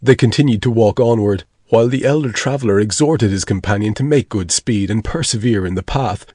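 A man narrating a story in a deliberate storytelling way. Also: medium pitch, a little mellow, breathy edge, no room sound, clean studio sound. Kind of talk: scripted narration.

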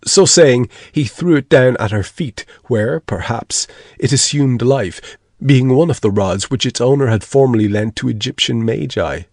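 A man reads a story aloud with a deliberate storytelling delivery. His voice sits at an average pitch in a dry, close recording. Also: a little mellow, dry recording. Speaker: narrator. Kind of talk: scripted narration.

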